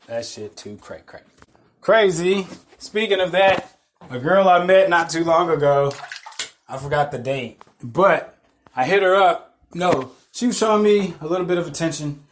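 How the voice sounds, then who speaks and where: A man's voice: on the high side, unhurried, a little hiss or hum. A man hosting a podcast, rambling through casual stories, swearing freely and laughing at himself. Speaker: podcast host. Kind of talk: casual storytelling monologue.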